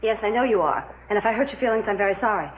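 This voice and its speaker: An actress playing the patient, composed wife of a powerful man in a 1980s TV soap opera, speaking calmly, firmly and with gentle reproach. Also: mid-range voice, rapid-fire, roomy sound, slight background noise, close to an everyday voice, low-quality recording. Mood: reproachful. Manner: calm, firm, gently reproachful.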